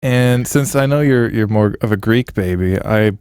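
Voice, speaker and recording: A man's voice: lowish voice, normal speed, a little mellow, clean tone, dry recording, clean studio sound. An American man co-hosting a podcast, teasing the guest and steering the conversation. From United States. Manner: teasing, organizing. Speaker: podcast co-host. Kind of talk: casual podcast chat.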